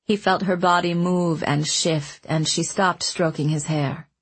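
A woman reading a story aloud as an audiobook narrator, in a calm, even manner. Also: on the low side, unhurried, husky. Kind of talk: scripted narration.

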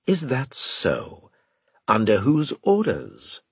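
A man's voice: medium pitch, huge pitch swings, slow, vocal fry, husky, no echo, pitched above the performer's own voice, full character voice. A man voicing a snide, scheming male senior officer in an audiobook, sneering and clipped. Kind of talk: audiobook character voice.

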